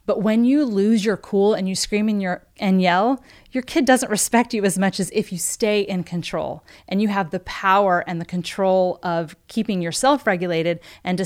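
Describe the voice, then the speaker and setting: A woman working as a parenting coach talks through a case in an interview setting. She is animated and acts out each exchange with the parents as she tells it. Her speech is loose and conversational, full of "um" and "like.". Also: medium pitch. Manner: animated storyteller who acts out quoted dialogue, with frequent "um" and "like". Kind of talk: podcast interview storytelling.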